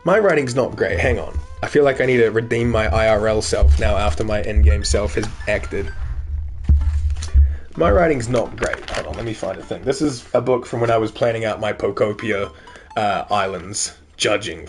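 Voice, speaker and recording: A man's voice: on the low side, moderate pace, faint music behind. Joking young man playing a game. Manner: joking, self-deprecating, reads text aloud. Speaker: gaming streamer. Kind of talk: casual let's-play commentary.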